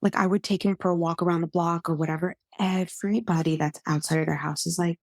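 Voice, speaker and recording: Relaxed New woman, a little low. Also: fast, few pauses, dry recording. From New Jersey, USA. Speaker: guest, stay-at-home mom. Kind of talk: casual chat.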